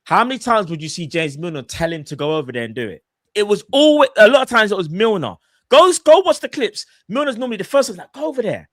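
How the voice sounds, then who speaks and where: A young man, co-hosting a casual football fan show and arguing his points in slangy, animated talk. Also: high-pitched, quick pace, dry recording, studio quality. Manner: animated, slangy, acts out quotes. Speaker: fan podcast co-host.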